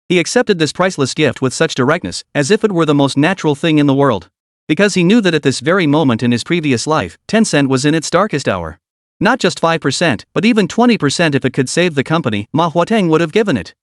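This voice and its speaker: Reading a scripted story recap, a male narrator speaks fast in a fairly high voice, dramatic but steady. The audio is close and dry, with no echo or room around it.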